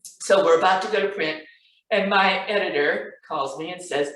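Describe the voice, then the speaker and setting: A woman who writes children's books, speaking in an animated storytelling manner about her work. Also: on the low side, moderate pace, a little hiss or hum. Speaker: children's book author. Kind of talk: author talk with a read-aloud. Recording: roomy sound from a distance.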